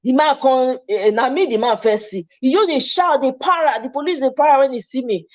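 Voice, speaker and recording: A woman's voice: high voice, expressive, fairly quick, highs cut off. A Nigerian woman hosting a casual livestream talk, speaking passionately and switching between English and Pidgin. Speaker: host.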